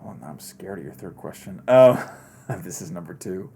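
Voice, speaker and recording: A man's voice: low voice, animated, normal speed, background noise. A man as a podcast guest, talking in a loose, meandering conversational way. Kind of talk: casual conversation.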